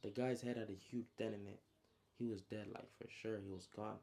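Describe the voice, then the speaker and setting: A man's voice: on the low side, fairly even intonation, brisk, mellow. Slangy young man retelling his story. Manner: slang-heavy, adds spoken sound effects. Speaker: author recapping his story. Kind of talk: casual storytime recap.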